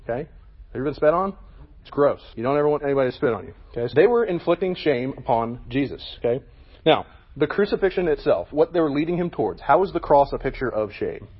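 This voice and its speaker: A man's voice: medium pitch, expressive, quick pace, breathy edge, muffled recording. A man leading a casual Bible lesson for a youth group, talking to them with frequent "okay?" check-ins.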